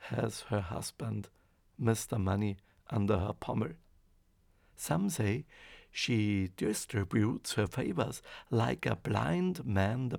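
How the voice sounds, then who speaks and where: A man narrating a fairy tale in a slow, expressive reading. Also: lowish voice, creaky, dry recording. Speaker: storyteller. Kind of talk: storybook narration.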